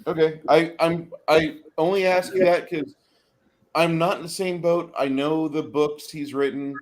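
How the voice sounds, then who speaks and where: A man who runs tabletop games, chatting on a podcast as an animated storyteller who swears casually. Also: on the high side, measured pace. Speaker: game master.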